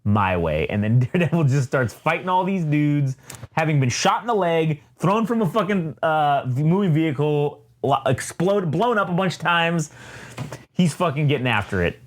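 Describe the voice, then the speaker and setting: A man co-hosting a casual podcast, retelling a comic book plot in a profane, rambling, animated way. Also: a little high, moderate pace. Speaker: podcast co-host.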